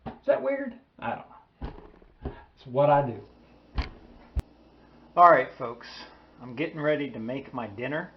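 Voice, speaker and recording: A man talks through his everyday chores in a casual home vlog. He speaks straight to his viewers in a folksy, chatty way, with a voice of ordinary pitch. The sound is a little dull and lo-fi. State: out of breath at times. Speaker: vlogger.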